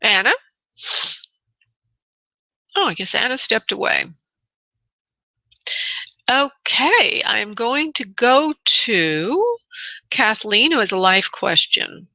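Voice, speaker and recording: A woman's voice: on the high side, very animated, slow, pauses often, sharp tone, dry recording, muffled recording. A woman hosting a call-in radio show as a psychic medium, giving readings in a chatty way with many fillers and calling callers honey and love.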